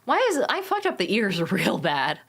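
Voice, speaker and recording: A woman's voice: medium pitch, huge pitch swings, moderate pace, gravelly, fairly bright tone, husky. A woman streaming a game, chatting casually with her viewers and swearing freely.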